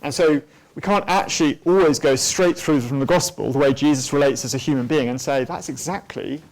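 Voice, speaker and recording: Brief: man, church teacher, explaining theology off the cuff, slightly higher voice, halting with ums. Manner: thoughtful, with many ums and restarts. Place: church hall at a weekend away.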